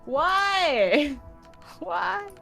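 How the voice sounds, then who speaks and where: A woman's voice: very high voice, lively intonation, drawn-out words, creaky, pushed and bright, soft background music. A woman co-hosting a live stream in casual chat, rambling with restarts and the odd swear.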